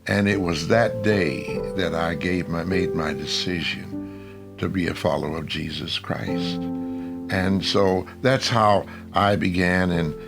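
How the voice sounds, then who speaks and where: A man telling a personal faith story slowly and deliberately in a documentary. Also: sits low, creaky, over loud music. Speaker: interviewee. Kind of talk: documentary testimony.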